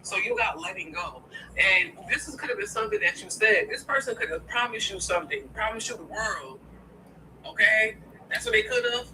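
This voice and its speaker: A tarot reader talks to her audience at a moderate pace in a mid-range voice, blunt and cursing as she goes. Her habit of checking in with "okay?" persists, while a distant microphone records steady background noise.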